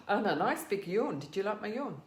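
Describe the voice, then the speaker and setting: A woman teaching a live online yoga class from her living room, giving gentle, encouraging cues and greeting students by name. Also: medium pitch, echoey room. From England.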